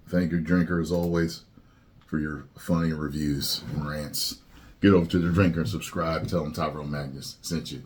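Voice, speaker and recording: A man's voice: very deep voice, a little mellow. A man hosting a reaction video, giving laid-back casual commentary between clips. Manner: laid-back, chuckling asides.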